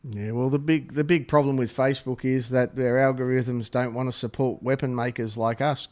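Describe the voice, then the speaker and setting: A man's voice: mid-range voice, steady tone, moderate pace, darkish tone. A man in a casual podcast chat, blunt and wry and laughing as he talks. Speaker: knifemaking supplier, podcast guest.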